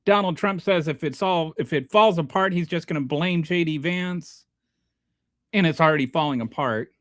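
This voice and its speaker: A man's voice: high-pitched, dry recording, clean studio sound. A male host giving sarcastic, rambling political commentary on a livestream and reading chat. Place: home near a small Texas town.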